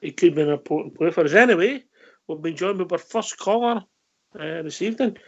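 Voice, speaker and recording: Easygoing fan radio host. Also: male voice, fairly high pitch, expressive, fairly quick, creaky, darkish tone. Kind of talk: casual fan radio chat. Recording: dull lo-fi sound.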